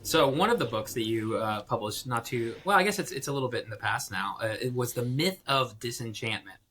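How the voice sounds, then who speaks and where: A man's voice: medium pitch, lively intonation, fairly quick, bright, forceful tone, slight background noise. A man co-hosting an interview podcast, asking a question while often rephrasing himself on the way. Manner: searching for words, rephrasing. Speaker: podcast co-host.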